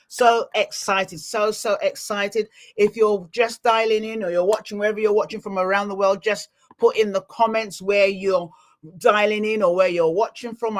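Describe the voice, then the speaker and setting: Woman, podcast host, effusive, repeats herself for emphasis, motivational, middle pitch. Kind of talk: live-streamed podcast opening monologue.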